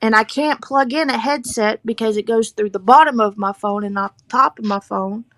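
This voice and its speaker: A woman's voice: fairly high pitch, normal speed, a bit bright, dry recording. A woman chatting casually and profanely on a live stream, rambling and laughing.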